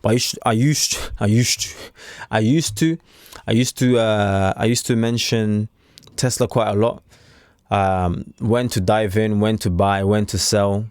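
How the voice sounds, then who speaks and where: A man's voice: fairly low pitch, fairly even intonation, a little slow, a little mellow, smooth, dry recording, clean studio sound. A man talking casually to camera as a trading coach, chatty and repetitive, with streetwise slang. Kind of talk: casual unscripted talk to camera.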